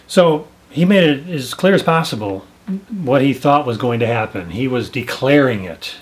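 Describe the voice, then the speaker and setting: Man, earnest, emphatic, hesitant, religious commentary, mid pitch. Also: expressive, normal speed. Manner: earnest, searching for words, emphatic. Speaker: host.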